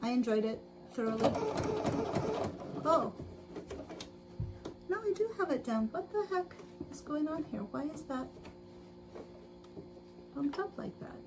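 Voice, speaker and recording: A woman's voice: sits high, sing-song, unhurried, pauses often, over loud music. A woman hosting a casual sewing livestream, chatting to viewers and talking herself through each step, laughing often. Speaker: livestream host. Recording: noisy livestream audio with sewing machine. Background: sewing machine noise.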